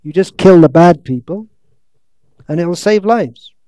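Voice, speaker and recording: A man giving a scriptural lecture, reading out quotes slowly and breaking into sarcastic, ironic asides. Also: high voice, expressive, mellow, no echo. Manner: reads quotes slowly, stretches words. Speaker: monk lecturer. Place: lecture hall in India.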